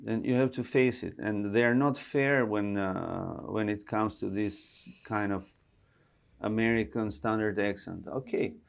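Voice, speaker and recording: A man's voice: medium pitch, gravelly. A man from Albania with an Albanian accent, chatting as an interview guest, laughing often and restarting his sentences. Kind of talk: casual interview conversation.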